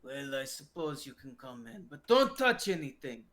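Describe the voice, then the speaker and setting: A man voicing a fussy, possessive shopkeeper in a tabletop game, speaking quietly and grudgingly. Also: mid-range voice, very animated, moderate pace.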